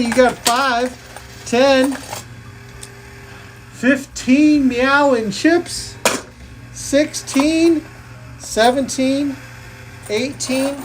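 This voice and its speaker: A woman whose voice sits a little high hosts a live coin-pusher game, calling plays and tallying scores with a playful, jokey flair. The low-quality recording carries a little hiss or hum.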